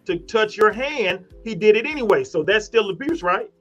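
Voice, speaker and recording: A man's voice: high-pitched, animated, moderate pace, soft background music. A man arguing defensively on a live panel show, acting out his own lines in quotes. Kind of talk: heated panel debate.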